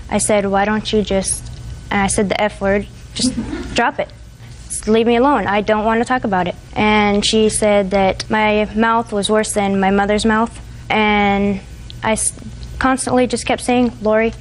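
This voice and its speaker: A woman's voice: mid-range voice, a little hiss or hum, rough recording. A woman in her twenties testifying in a TV courtroom, retelling events in a rambling, hesitant way. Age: 20s. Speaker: defendant.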